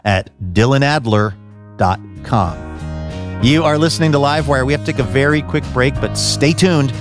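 A man's voice: medium pitch, moderate pace. A man hosting a radio show, reading a chatty, upbeat segment link. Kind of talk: scripted radio announcement. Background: music bed.

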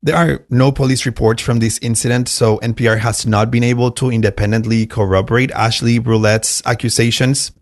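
A man reporting as a radio news correspondent, giving a steady, informative account. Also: medium pitch, fairly quick, few pauses.

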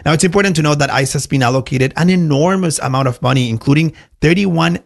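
Male radio news correspondent, steady and informative. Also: a little high, quick pace, vocal fry.

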